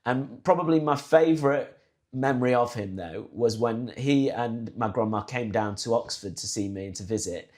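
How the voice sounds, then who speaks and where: A man's voice: mid-range voice, moderate pace. A man co-hosting a podcast, telling family stories in casual chat and slipping into raised voices to mimic relatives. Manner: animated storyteller, imitates relatives in raised voice. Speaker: podcast co-host.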